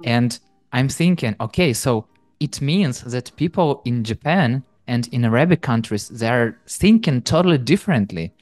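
A man's voice: mid-range voice, animated, a little mellow, no room sound. A man hosting a podcast, friendly and chatty, laughing often. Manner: friendly, laughs often, quick bursts when explaining. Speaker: podcast host. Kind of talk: casual interview.

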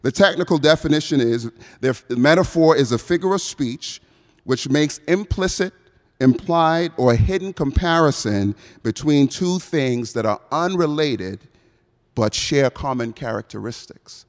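A man's voice: fairly high pitch, lively intonation, unhurried. Male pastoral preacher, semi-Bahamian American accent, conversational sermon, reverberant church hall. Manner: conversational, asks the congregation questions. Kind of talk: evening sermon.

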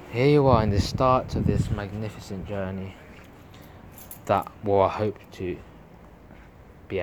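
A young man in his late teens talks straight into his own podcast, earnest and a little rambling as he urges listeners on. His voice sits on the low side. A constant layer of background noise runs under the recording. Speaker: podcast host. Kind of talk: solo motivational podcast monologue. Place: at home at night.

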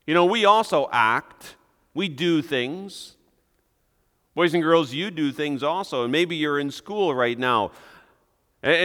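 A man preaching a sermon as pastor, deliberate and emphatic, pressing on key words. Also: a little high, a bit bright. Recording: long reverb of a church hall.

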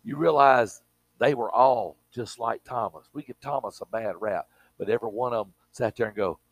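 A man's voice: medium pitch, normal speed, no echo, low-quality recording. A man preaching a sermon with emphatic delivery, repeating words and dropping in frequent amens.

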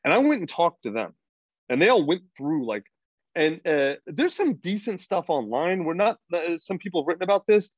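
A man's voice: on the high side, very animated, moderate pace, slightly rough, no room sound. A middle-aged American man talking bluntly and profanely as a podcast guest, rambling through his points with frequent restarts. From United States. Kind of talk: freewheeling casual conversation. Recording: dry, dull lo-fi sound.

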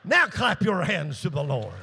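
A male pastor, preaching a call-and-response sermon that swings from hushed low asides up to shouted peaks. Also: sing-song, moderate pace, vocal fry, husky, some chatter behind.

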